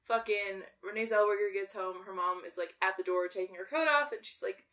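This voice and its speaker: A woman's voice: mid-range voice, a little fast, hardly any pauses, pushed and bright, distant mic. A woman, co-hosting a casual movie podcast, sarcastic and swearing freely. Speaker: podcast co-host. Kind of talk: casual movie recap chat.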